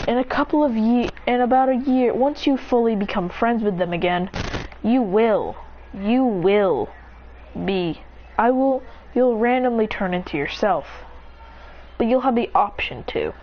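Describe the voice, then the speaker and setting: A woman rambles through a homemade story, her voice swinging widely as she speaks the characters' lines higher than her narration. Her voice sits a bit high for a woman. The recording is dull and lo-fi, with a faint hiss behind her. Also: lively intonation, moderate pace.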